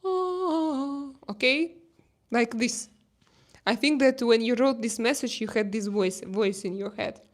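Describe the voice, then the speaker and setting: A woman's voice: a little high, fairly even intonation. Russian-accented woman streaming from her phone. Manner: halting, many fillers and restarts, laughs easily. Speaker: live streamer reading chat. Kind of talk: casual live-stream chat. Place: home terrace.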